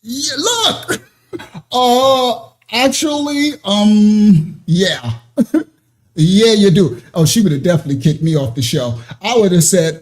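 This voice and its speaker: A man's voice: high-pitched, animated. A man hosting casual reaction commentary, joking and laughing often as he teases what he watches. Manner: laughing, joking, drawn-out teasing. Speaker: commentary host.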